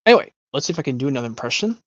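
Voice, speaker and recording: A rambling streamer talks casually between voice impressions, with a lively, bouncing pitch and plenty of hesitant um's. They pile up fan details without pause, and the close, dry sound has no room echo. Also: lo-fi sound.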